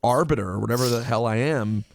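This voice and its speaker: A man's voice: mid-range voice, fast talker, creaky, no echo. A man hosting a late-night radio interview, talkative and joking. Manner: talkative, joking, self-deprecating. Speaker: radio show host. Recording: radio studio with music behind.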